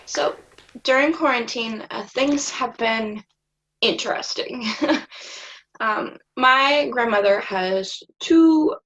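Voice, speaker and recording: A woman's voice: a little high, slow pace, a bit bright, lo-fi sound, a little hiss or hum. A woman, a student comic, starting a stand-up set with a giggly, hesitant delivery.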